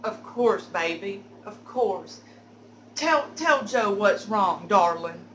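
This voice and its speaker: A woman's voice: mid-range voice, expressive, takes it slowly, a bit bright, slight background noise. Woman doing a drunk, doting club customer guy. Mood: coaxing. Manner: doting, calls her baby and darling. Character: drunk, sweet-talking male strip club customer.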